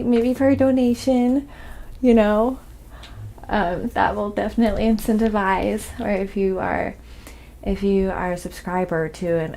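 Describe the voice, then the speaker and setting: A woman from Oklahoma with a slight Southern accent, chatting softly on a live painting stream and reading viewer comments aloud. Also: medium pitch, gravelly, slight background noise. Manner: reads viewer comments aloud, thanks donors. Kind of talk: soft-spoken ASMR live stream chat.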